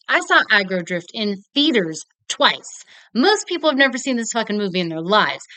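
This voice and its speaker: A young woman chats about her favorite films, gushing and cursing freely with frequent laughs. Her voice is bright and forceful. The sound is dry and close, with no room around it. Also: medium pitch, no echo. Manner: gushing, swearing, laughing often. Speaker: film reviewer. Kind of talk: casual movie talk to camera.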